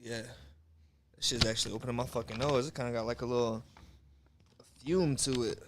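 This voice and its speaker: A man's voice: mid-range voice, fairly even intonation, moderate pace, heavy background noise. A young man chatting casually on a livestream, rambling and slangy with lots of swearing, greeting viewers as he goes. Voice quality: laid-back, rambling, slangy with frequent swearing. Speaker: streamer.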